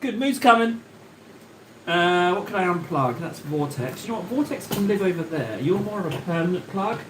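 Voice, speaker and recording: A man with a fairly high voice that swoops up and down, chatting to his live-stream viewers. He rambles, jokes and talks straight to the chat, and a faint hiss sits under his voice. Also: expressive, moderate pace. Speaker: livestream host.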